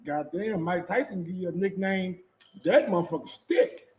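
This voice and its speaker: A high-voiced man speaking at a moderate pace gives casual, profane reactions to boxing footage, repeating himself and addressing questions to his audience. The echoey recording is very noisy.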